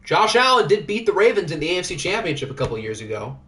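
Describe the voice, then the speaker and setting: Male streamer, slightly high voice, loose joking commentary on league results. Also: sing-song, quick pace, pushed and bright, slight background noise. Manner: chatty, joking, thinks aloud. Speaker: livestream host. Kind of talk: casual sports sim commentary.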